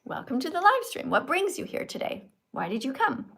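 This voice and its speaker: A woman from Canada hosting a casual live stream, chatty and animated, quizzing guests in a teacherly way. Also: high voice, moderate pace, vocal fry.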